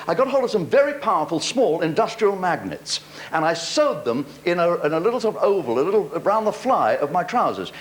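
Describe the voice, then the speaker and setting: An older British man doing stand-up comedy with wry, punchline-driven timing, taking questions from a studio audience. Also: on the high side. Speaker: comedian host. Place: TV studio before a live audience. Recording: loud studio audience laughter, noisy old tape.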